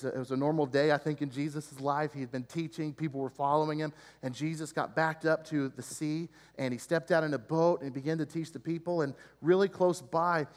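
High-voiced man preaching in a reverberant hall. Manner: earnest and explanatory, with repetitive emphatic lists. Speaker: pastor. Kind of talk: sermon.

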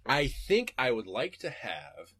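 Man, young adult, podcast host, profane animated rant, swooping pitch, crisp bright tone. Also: slow, dry recording, clean studio sound. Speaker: podcast host answering listener questions. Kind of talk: casual rant. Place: home desk.

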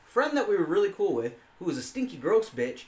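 A man's voice: high voice, very animated, a little fast, reverberant. A young man telling crude, profane stories in a casual chat among friends. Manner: crude storytelling, heavy swearing.

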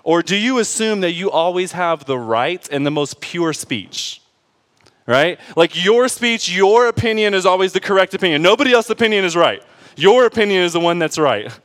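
Higher-voiced pastor, chatty and joking. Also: male voice, animated, normal speed, fairly bright tone. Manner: keeps asking the congregation "right?" and "okay?"; informal and joking, with asides to the congregation. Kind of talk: conversational sermon.

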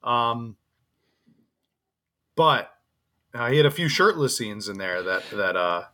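A man's voice: medium pitch, expressive, takes it slowly, sharp tone. A man co-hosting a podcast, talking in a loose, rambling way with frequent laughs and restarts. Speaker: podcast co-host. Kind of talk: casual podcast chat.

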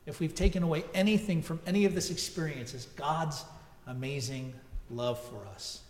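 Pastor preaching in an echoey church. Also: male voice, on the high side, steady tone, normal speed. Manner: conversational storytelling with asides. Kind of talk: sermon.

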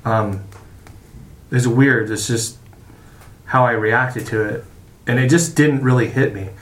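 Middle-aged man talking in a roomy space. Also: mid-range voice. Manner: halting and profane, with many restarts. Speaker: podcast guest. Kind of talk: casual conversation. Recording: roomy echo.

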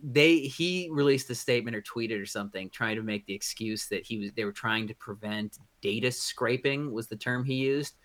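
A man's voice: mid-range voice, moderate pace, hardly any pauses, a bit bright. A man co-hosting a podcast, chatting casually, rambling with many restarts and a blunt edge. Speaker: podcast co-host. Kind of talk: casual chat.

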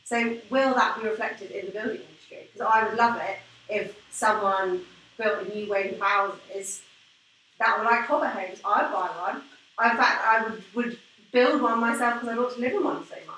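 A woman's voice: medium pitch, normal speed, sharp tone. Chatty woman in an echoey room. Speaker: podcast guest. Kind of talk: casual podcast chat. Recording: echoey room, distant mic.

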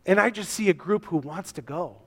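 Guy preaching a sermon, kinda high voice, earnest, lots of repeated questions, long echo in the church. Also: a little fast, fairly bright tone. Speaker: pastor. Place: church sanctuary. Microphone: to a camera for online viewers. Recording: long hall reverb.

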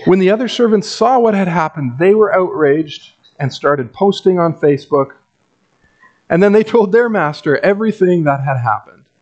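A man preaches a sermon in an easy, conversational tone, dropping wry asides. His voice sits a little high. The recording sounds muffled and lo-fi. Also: expressive, normal speed, darkish tone. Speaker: pastor.

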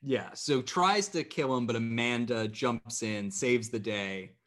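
A man co-hosting a podcast, recapping a TV episode in a measured, thoughtful way with lots of fillers. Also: medium pitch, a bit bright. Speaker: podcast co-host. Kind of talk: casual chat recapping a TV episode.

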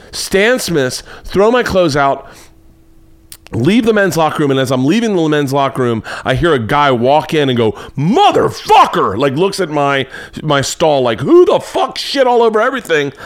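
A young adult man hosting a comedy podcast, telling a profane story and acting out the voices in it. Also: a little high. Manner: profane, animated, acts out voices in his stories. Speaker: comedian host.

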